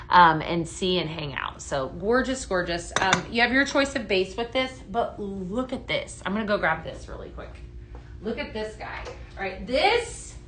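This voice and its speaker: A woman with a bright, forward voice hosts a live product stream. She chats warmly and gushes over each item, using lots of fillers, and reads viewer comments aloud as she goes. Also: medium pitch. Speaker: live shopping show host. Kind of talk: live product demo chat.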